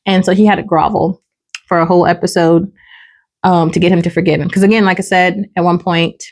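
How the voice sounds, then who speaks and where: A woman with a lowish voice, speaking fairly quickly, hosts a casual podcast chat. She recaps a drama with animated storytelling, acting out the characters' lines.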